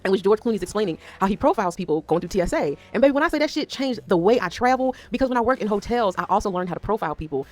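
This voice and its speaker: A woman in her thirties from the Northeast United States, ranting in a casual vlog. She is animated and profane, swinging between loud outbursts and quiet asides. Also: mid-range voice, racing, few pauses, faint music behind. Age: 30s. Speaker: vlogger. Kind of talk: casual unscripted rant.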